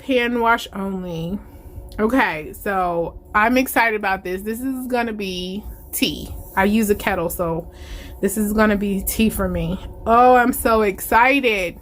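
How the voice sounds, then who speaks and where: Lady unboxing planner stuff, super excited, slow and bright-ish voice, a little room hiss. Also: medium pitch. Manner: gushing, excitable, exclamations of delight. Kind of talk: casual unboxing chat to viewers.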